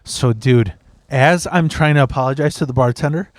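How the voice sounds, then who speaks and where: A man's voice: medium pitch, normal speed, noisy background. A young man hosting a podcast, telling a story in blunt, profane, casual chat and slipping into mimicry of other people. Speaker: podcast host.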